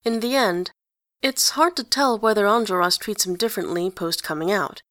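A woman narrating a story in an even, conversational way. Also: mid-range voice, normal speed, no room sound, studio quality. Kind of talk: story reading.

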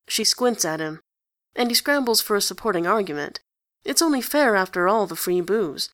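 A woman narrating a story in an even, conversational way. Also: medium pitch, normal speed, no echo, studio quality. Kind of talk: story reading.

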